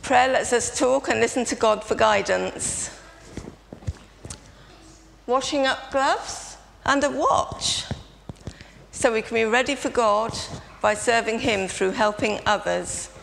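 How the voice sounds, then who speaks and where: Woman, church children's talk, higher voice, gravelly edge, lively prompting, long church reverb, faint noise. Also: slow pace. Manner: lively, prompting audience participation. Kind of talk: family service talk to children and congregation.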